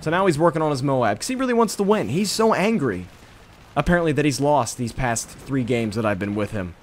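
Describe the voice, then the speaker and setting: A man's voice: medium pitch, expressive, a little fast, slight background noise. A man giving casual, profane commentary over his own gameplay footage, worked up as he retells the match. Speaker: gaming commentator.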